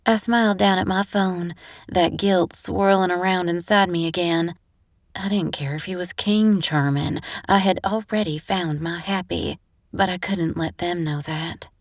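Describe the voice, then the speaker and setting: A woman's voice: lowish voice, steady tone, measured pace, dry recording. A woman narrating a first-person romantic comedy audiobook on a close studio mic.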